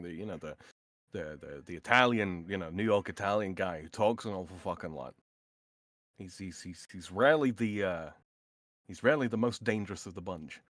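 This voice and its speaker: A man's voice: low-pitched, fairly bright tone, dry recording. A man in a casual chat, joking wryly and swearing casually. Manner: wry, jokey, swears casually. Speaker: podcast co-host.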